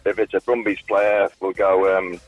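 A man's voice: sits low, flat delivery, moderate pace, muffled recording, soft background music. A man calling a radio quiz, casual and resigned about not knowing. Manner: resigned, casual "mate" talk. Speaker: caller.

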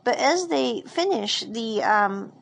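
A woman's voice: fairly high pitch, lively intonation, slow, creaky, rough recording. A woman casually recapping a drama episode, rambling with frequent fillers and restarts.

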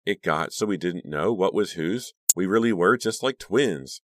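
A man's voice: low-pitched, lively intonation, moderate pace, voice pushed up. A man voicing a bubbly, pushy teenage girl who gushes and chirps and talks over others. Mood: gushing.

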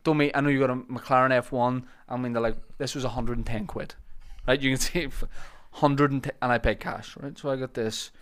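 A man, hosting a podcast in casual chat and telling long, animated stories. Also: medium pitch, a little fast, hardly any pauses, smooth. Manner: animated anecdote teller, acts out shouted quotes. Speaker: podcast host.

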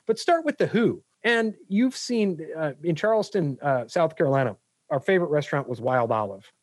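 A man with a slightly high voice talks as a podcast guest and business coach. He tells stories with energy and animation, pushing his points hard. The recording is dry and close-miked. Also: moderate pace, dry recording. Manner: energetic, anecdotal, animated storyteller. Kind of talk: podcast interview storytelling.

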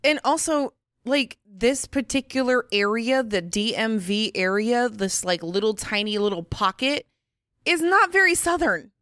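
Joking laughy woman cohost, bright voice, dry close mic. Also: a little high, measured pace, no echo. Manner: chatty, laughs a lot, joking and expressive. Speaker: podcast co-host. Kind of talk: casual chat.

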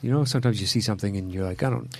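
A man's voice: on the low side, very fast, no room sound. A man co-hosting a podcast, chatting casually about movies in an easygoing, polite way. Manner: easygoing, apologetic, conversational. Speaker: podcast co-host.

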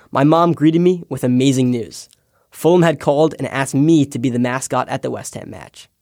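A young man, a podcast intern, reading a scripted personal essay with wry, deadpan asides. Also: medium pitch, no room sound, studio quality. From United States. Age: young adult.

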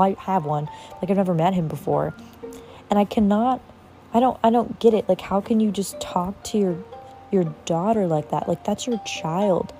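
Young woman venting a personal story, low mellow voice, lots of "like" and swearing, faint music behind. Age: young adult. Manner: casual, heavy use of "like", swears freely, quotes others in acted voices. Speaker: podcast host.

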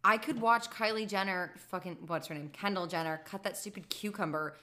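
A woman's voice: medium pitch, fairly quick, bright, forceful tone. A young woman co-hosting a podcast in casual chat, blunt and sarcastic, swearing freely. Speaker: podcast co-host.

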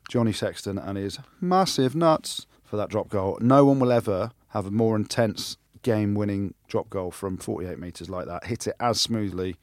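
Animated man talking rugby banter. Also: lowish voice, normal speed, few pauses, dry recording, clean studio sound. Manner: animated, banter-heavy, often restarts sentences. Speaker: podcast co-host, rugby pundit. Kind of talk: casual chat.

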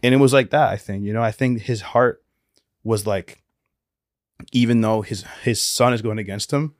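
Low-voiced man retelling Bible stories casually. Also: steady tone, dry recording, clean studio sound. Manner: retells stories with quick acted quotes and many fillers. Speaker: podcast co-host.

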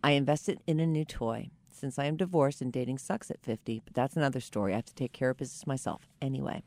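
A woman's voice: a bass voice, fast talker, darkish tone. A woman co-hosting a podcast, reading a listener's letter aloud in a matter-of-fact way with wry asides. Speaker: podcast co-host.

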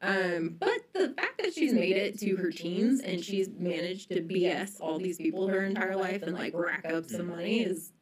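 Young woman, casual podcast storyteller, loose and chatty, slightly low voice. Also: lively intonation, moderate pace, few pauses, slightly rough, poor audio. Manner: chatty storytelling, many ums and likes. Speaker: podcast co-host telling a history story.

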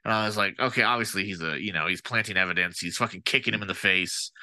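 Male podcast co-host, low-ish bright tone, dry close sound, loose profane movie talk. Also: quick pace, no echo. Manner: profane, animated, rambling with fillers. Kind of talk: casual movie-review chat.

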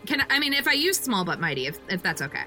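A young woman playing a tabletop game, excitable and swearing in quick bursts. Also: mid-range voice, soft background music, poor audio. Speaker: player. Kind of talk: tabletop game actual play.

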